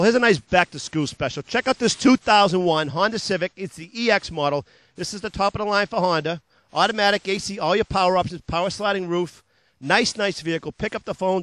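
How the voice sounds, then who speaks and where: Upbeat, high-voiced New car salesman. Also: a bit bright, no room sound. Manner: upbeat, repetitive sales patter, jokes about his own slips. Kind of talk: local TV car sales pitch.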